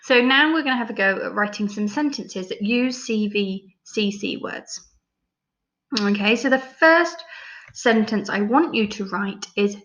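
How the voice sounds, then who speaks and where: A woman teacher with an English accent, leading a recorded phonics lesson for young children, sounding out each letter slowly and praising often. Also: medium pitch, lively intonation, a bit bright. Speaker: primary school teacher. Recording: slightly dull lo-fi recording.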